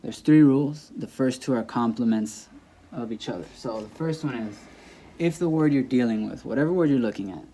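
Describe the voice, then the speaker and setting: Male teacher, warm low-key tone, patient, casual explainer. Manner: patient, repeats words slowly for emphasis, checks in with "okay?". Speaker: Spanish teacher.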